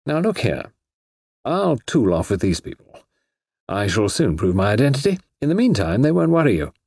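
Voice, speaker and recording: A man voicing a breezy, unflappable young gentleman writer who speaks pleasantly and matter-of-factly, with a husky voice. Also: mid-range voice, sing-song, normal speed, no room sound, studio quality, pitched above the performer's own voice. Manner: pleasant, jaunty and matter-of-fact.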